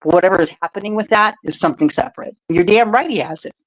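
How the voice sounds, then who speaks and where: A woman's voice: medium pitch, quick pace, rough recording. A woman co-hosting a casual podcast chat, blunt and profane, laughing often. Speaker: podcast co-host.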